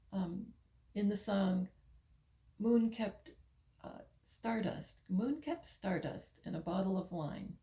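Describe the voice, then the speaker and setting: An older woman from the United States, talking slowly in a casual monologue, musing with pauses and fillers. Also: mid-range voice, gravelly, mellow, rough recording. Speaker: vlogger.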